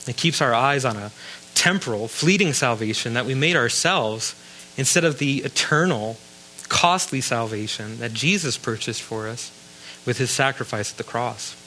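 A man's voice: mid-range voice, normal speed, bright, forceful tone, slight background noise, poor audio. A man preaching a sermon in a conversational way, reading scripture and adding wry asides. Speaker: pastor.

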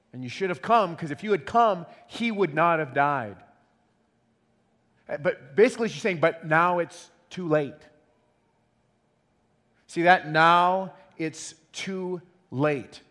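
Man preaching in an echoing hall. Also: a little high. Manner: animated, acts out quotes, repeats words. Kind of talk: sermon. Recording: long hall reverb.

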